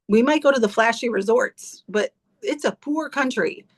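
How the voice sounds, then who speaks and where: A woman on a video call, a team leader giving her team a blunt, emphatic motivational talk full of swearing. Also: fairly high pitch. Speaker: team leader in direct sales.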